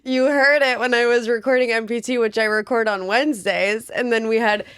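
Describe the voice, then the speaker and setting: Female podcast co-host, about thirty, congested, slightly high voice, lively exasperated banter. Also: smooth. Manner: animated, exasperated, quick to laugh. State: stuffy, congested from allergies. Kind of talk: casual chat.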